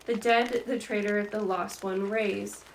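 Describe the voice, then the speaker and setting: Hesitant, fearful teen girl, read by a woman; halting delivery, light fry. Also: mid-range voice, fairly even intonation, slight background noise, low-quality recording.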